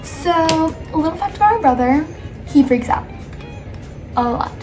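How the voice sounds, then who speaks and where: A woman with a high voice tells a casual storytime while doing her makeup. She talks in a chatty, animated way, wanders into asides and laughs often, with faint music playing behind her. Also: a little slow. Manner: rambling with many asides. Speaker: storytime vlogger.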